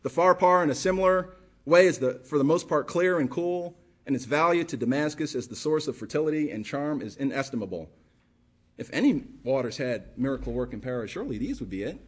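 Male pastor, sermon delivery, husky tone, pitched a bit high, impassioned and repetitive for emphasis. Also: animated, brisk. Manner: impassioned, rhetorical questions, repeats phrases for emphasis.

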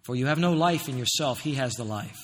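A man preaching a sermon as pastor, fervent and emphatic, at times building to near-shouting. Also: medium pitch, a little fast, in a large hall. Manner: fervent, rising to near-shouting in rhetorical questions. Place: church.

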